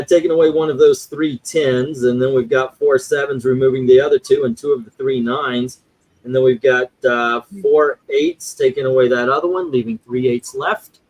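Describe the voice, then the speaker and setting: A man's voice: medium pitch, fairly even intonation, moderate pace, rough recording. A man hosting a casual chat, rambling through his points with lots of fillers and restarts. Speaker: host.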